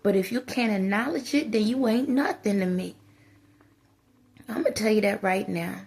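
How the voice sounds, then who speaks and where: A woman's voice: medium pitch, moderate pace, gravelly, a little mellow, slightly rough. A woman giving a preachy monologue to her viewers as a spiritual advisor, scolding them with emphatic repetition.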